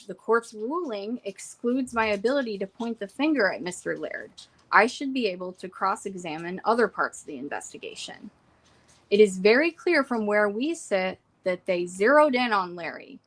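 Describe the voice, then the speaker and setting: A woman's voice: medium pitch, pushed and bright. Casual woman recapping court notes. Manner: reads court quotes then adds asides. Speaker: trial reporter. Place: home room with pets.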